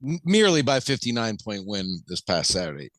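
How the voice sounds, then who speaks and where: A man's voice: on the low side, big pitch swings, fairly quick, a bit bright, no room sound. An American man co-hosting a sports podcast, teasing his co-host with dry sarcasm in a casual chat.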